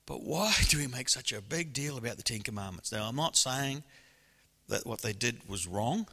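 A man preaching a sermon in a church hall, lively and animated, often laughing and acting out voices. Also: mid-range voice, moderate pace. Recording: long hall reverb.

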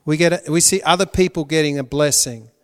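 A male pastor preaching a sermon, swinging between loud emphatic lines and hushed, prayerful ones. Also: fairly high pitch, fairly quick, smooth, long reverb tail.

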